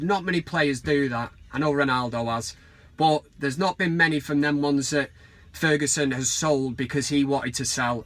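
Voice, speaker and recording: Sweary bright-voiced football fan ranting. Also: male voice, fairly high pitch. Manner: rambling, sweary, self-mocking. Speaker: fan vlog host. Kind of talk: casual bedroom vlog rant. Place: bedroom.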